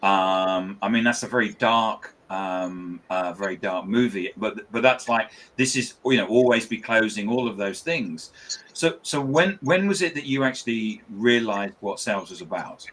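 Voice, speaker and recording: A man hosts a casual podcast interview and stumbles through his questions with many restarts. His voice sits a little low, but its tone is bright and sharp. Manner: halting, many restarts and fillers. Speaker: podcast host.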